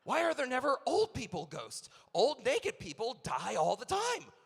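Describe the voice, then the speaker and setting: Animated, bright-voiced man doing comedy. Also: very high voice, normal speed, gravelly, husky. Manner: rambling rhetorical questions, animated. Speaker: emcee. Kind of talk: stand-up comedy bit. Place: convention event hall. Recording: long reverb of a large hall over PA.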